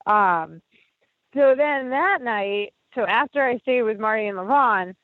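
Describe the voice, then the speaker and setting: A woman's voice: a little high, expressive, unhurried, dry recording. A woman telling a rambling story about her walk in casual chat, full of fillers and acted-out quotes. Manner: chatty, heavy on fillers, acts out quoted voices. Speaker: podcast guest walking across the country. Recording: tinny phone-like line, dry.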